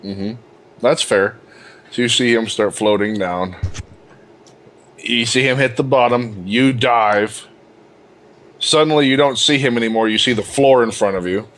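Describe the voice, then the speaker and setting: A man's voice: medium pitch, measured pace, long pauses, a bit bright, slight background noise. A man narrating as game master of a tabletop game, laughing often and teasing his players.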